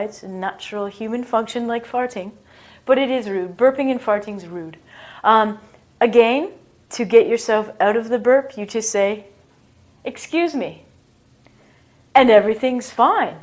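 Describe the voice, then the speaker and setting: A woman's voice: a little high, darkish tone. A woman giving a casual English lesson in a playful, self-mocking way, acting out bodily noises as she explains them. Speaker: English teacher.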